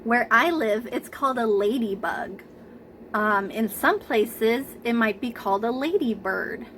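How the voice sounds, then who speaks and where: A woman teaching a preschool class, speaking gently and encouragingly, stretching out words for the children to clap along. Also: a little high, unhurried, a little hiss or hum, low-quality recording. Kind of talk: slow, sing-song lesson for young children.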